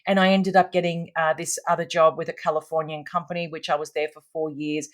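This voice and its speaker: A middle-aged woman, a podcast guest telling stories with animated emphasis. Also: deep voice, quick pace. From Australia. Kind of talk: storytelling in conversation.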